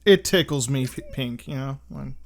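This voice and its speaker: A man's voice: mid-range voice, moderate pace, creaky. A young man co-hosting a podcast, chatting casually in an enthusiastic, giggly and slangy way. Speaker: podcast co-host. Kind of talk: casual chat.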